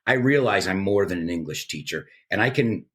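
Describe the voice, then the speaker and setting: A middle-aged man with an animated, playful way of talking, a guest in a casual interview. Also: sits low, brisk. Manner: animated storyteller, playful, lively delivery. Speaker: guest, English teacher and radio presenter.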